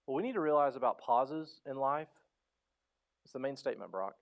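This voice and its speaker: A man in his thirties preaching a sermon in a church, passionate and conversational, rising to loud pleas and dropping to soft, quiet lines. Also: medium pitch, lively intonation, brisk, vocal fry, pauses often. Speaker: pastor. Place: church sanctuary.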